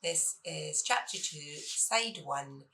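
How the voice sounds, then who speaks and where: Scottish woman in her fifties reading her own writing; a slightly low, bright, crisp voice with expressive delivery. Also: slow, a little hiss or hum, low-quality recording. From Scotland. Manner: expressive reading, lively in the poem. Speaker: debut author.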